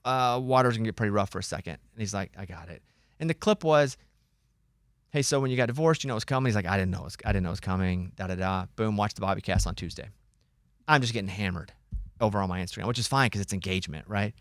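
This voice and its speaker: A man hosting a radio talk show, telling a long story in a lively casual way and acting out what others said. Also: on the low side, fast, no room sound, clean studio sound. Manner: animated storyteller, acts out quoted voices.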